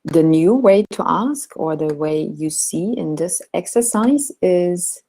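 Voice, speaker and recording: A woman's voice: lowish voice, lively intonation, takes it slowly, warm tone, breathy edge, rough recording. A woman teaching a class, patiently explaining and modelling example sentences. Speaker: German teacher. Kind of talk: online language lesson.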